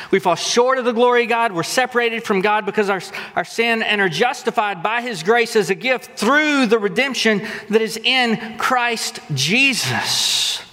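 A man, preaching a sermon as pastor, telling stories animatedly and acting out quotes. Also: high voice. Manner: animated storytelling with acted-out quotes. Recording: long hall reverb.

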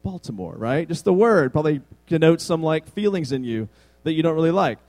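A man's voice: on the high side, animated, brisk, a little mellow, no room sound, rough recording. A male pastor preaching a conversational sermon with self-deprecating humor.

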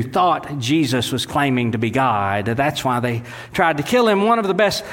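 A male pastor preaching a sermon, animated, dropping low and slow when quoting scripture. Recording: long reverb of a large hall.

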